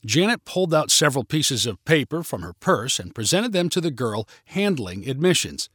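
A man reading a story aloud as narrator, in a clear, expressive way. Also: medium pitch, moderate pace, no echo, clean studio sound.

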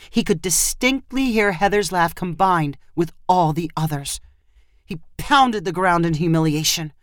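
A woman narrating a short story with an expressive, lively reading style. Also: lowish voice, no echo, clean studio sound.

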